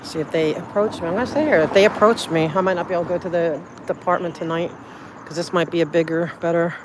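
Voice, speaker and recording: Recorded on a phone outside at night against a noisy background, this livestreamer chats casually and effusively with viewers, rambling, restarting often and reading out their chat. The mid-range voice is fast, with fairly even intonation.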